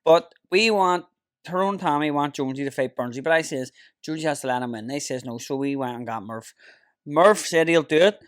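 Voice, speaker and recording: A man's voice: on the high side, fairly quick, dry recording, studio quality. Swearing man telling stories. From Ireland. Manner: swearing storyteller, laughs often. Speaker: podcast host. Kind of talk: casual chat.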